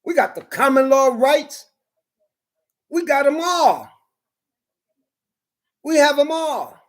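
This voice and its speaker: High-voiced man, fiery profane rant, pushes into shouting. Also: animated, takes it slowly, long pauses. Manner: heated, swearing, rising into shouts. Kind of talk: profane ranting monologue.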